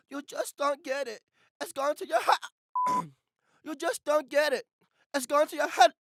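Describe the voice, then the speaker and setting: A man's voice: very high-pitched, expressive, slow pace, fairly bright tone, no room sound, studio quality, voice pushed up, exaggerated voice. A man voicing a nervous, fidgety bald male English crook in a shaky put-on British accent, stammering as he talks. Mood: pleading. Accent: put-on British, slipping.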